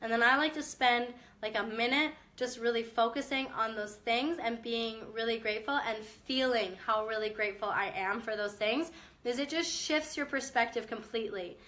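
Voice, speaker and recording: A young woman with a bright, higher voice talks to camera in a chatty, upbeat way. She is a mom vlogger with a slight chest cough, coaching her viewers directly. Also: normal speed. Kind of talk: casual motivational talk to camera.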